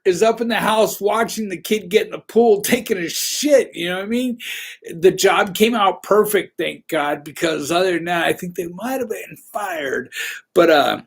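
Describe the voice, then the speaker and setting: A man hosting a casual livestream, telling rambling, profane stories with a laugh now and then. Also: high-pitched. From Southern California. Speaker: livestream host.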